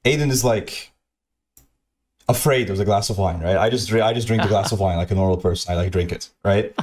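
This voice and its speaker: A man's voice: lowish voice, a little fast, a little mellow. Rambling man telling a profane story. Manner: repetitive, profane, restarts often, mimics others. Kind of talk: rambling anecdote.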